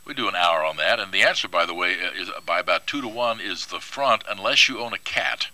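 Older man with a low, bright radio voice. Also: expressive, fairly quick, low-quality recording. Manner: laid-back, dry humor, rich radio voice. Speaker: guest radio host. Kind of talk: casual radio interview chat. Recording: radio broadcast studio.

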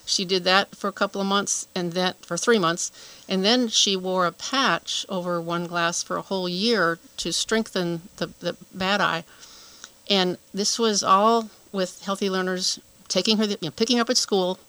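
Earnest woman, bright voice. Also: mid-range voice, fairly even intonation, moderate pace, clean tone, no echo, low-quality recording. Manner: earnest, restarts while explaining. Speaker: guest from a children's health program. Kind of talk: radio interview.

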